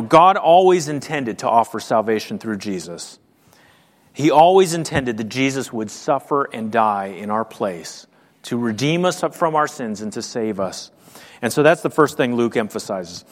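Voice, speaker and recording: Pastor giving a casual, talky sermon, voice of middle pitch, ringing hall reverb. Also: male voice. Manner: conversational, frequent ums and rhetorical questions.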